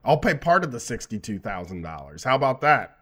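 A man's voice: mid-range voice, sing-song, brisk, a bit bright. A man co-hosting a casual talk, swearing freely and getting worked up as he reads from an article and riffs on it. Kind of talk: casual profane chat.

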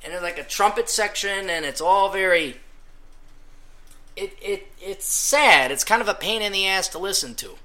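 A man's voice: sits high, animated, moderate pace, sharp tone. A man hosting a podcast, ranting casually and sarcastically, breaking into mocking sung parodies. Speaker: podcast host.

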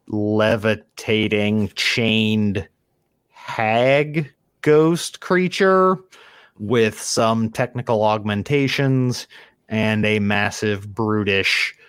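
A man with a smooth, resonant, lowish voice running a tabletop game, describing scenes slowly and deliberately with frequent fillers. The sound is dry and close. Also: no echo. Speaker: game master.

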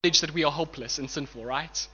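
Man, preacher, high bright voice, earnest sermon, repeats key points, lo-fi echoing church hall. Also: rapid-fire, slightly rough. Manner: earnest, repeats and restates points, coaxes the congregation to respond. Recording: lo-fi recording with long hall reverb.

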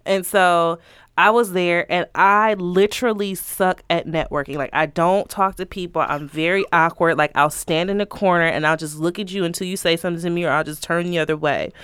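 A woman's voice: lowish voice, steady tone, a little fast, a bit bright, clean tone, no echo, studio quality. A woman co-hosting a podcast, telling stories in a chatty way full of "like". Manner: chatty storytelling with frequent fillers. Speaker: podcast co-host. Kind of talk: casual chat. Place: lives in the Midwest.

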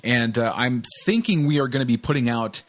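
A man hosting a comedy podcast talks in a loose, rambling way, stopping often to search for words. His voice sits at an everyday middle pitch, and he sounds relaxed and chatty. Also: brisk. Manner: rambling, laid-back, full of fillers. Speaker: podcast host. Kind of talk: casual chat.

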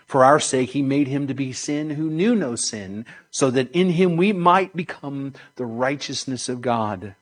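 A man preaching, reading scripture aloud in a solemn manner, slowing and dropping his voice on key phrases. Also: mid-range voice.

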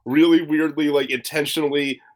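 A man's voice: on the high side, fairly even intonation, moderate pace. A man co-hosting a podcast in loose, rambling chat, swearing freely and filling with "like". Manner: rambling, profane, lots of "like". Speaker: podcast co-host.

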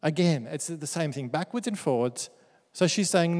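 Here a man preaches with a fairly high, somewhat mellow voice, his intonation lively and his pace moderate. Between verse readings he drops playful jokes, like a pastor at ease with his congregation. Long reverb from the church hall fills the recording.

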